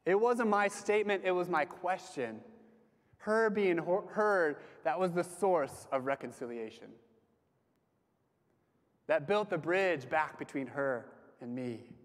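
A young man giving a casual sermon to a campus group, talking conversationally with lots of fillers and letting his phrases trail off softly. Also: a little high, expressive, slow pace. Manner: conversational, frequent "like" fillers, dips soft at phrase ends. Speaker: campus ministry speaker. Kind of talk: casual sermon with personal stories. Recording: long hall reverb.

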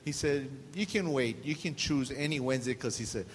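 A man's voice: medium pitch, fairly quick. Man, pastor, joking sermon, long church reverb, faint hiss. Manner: joking, animated, acts out dialogue. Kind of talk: humorous sermon storytelling.

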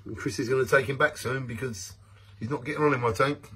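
Casting: husky man, middle pitch, sing-song showman giving a home aquarium tour. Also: steady tone, fast talker, bright, forceful tone. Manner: mock-grand, sing-song, hums a theme tune. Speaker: vlogger showing his fish tank. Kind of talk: playful home video commentary.

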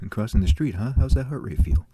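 A man's voice: medium pitch, expressive, moderate pace, dark tone, breathy edge, no room sound. An actor playing an anxious man whose inner voice mocks him bitterly and swears at him, in a short film voice-over. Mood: mocking. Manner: mocking, bitter, swearing self-talk. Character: anxious man taunted by his own inner critic.

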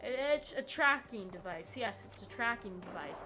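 A woman giving excitable let's-play commentary, yelping and chatting to the characters in her game. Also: mid-range voice, normal speed, over music. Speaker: gamer.

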